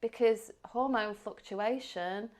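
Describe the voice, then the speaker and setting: A woman's voice: fairly high pitch, takes it slowly. A middle-aged woman, a podcast guest talking casually and enthusiastically, often asking rhetorical questions. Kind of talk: casual conversation.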